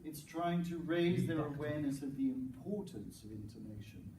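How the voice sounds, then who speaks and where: A man's voice: a little high, animated, moderate pace, warm tone. Man presenting a teaching workshop in an echoey room. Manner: explanatory, with hesitant restarts and fillers. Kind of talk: teacher-training workshop talk. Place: crowded room. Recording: echoey room, distant mic, noisy.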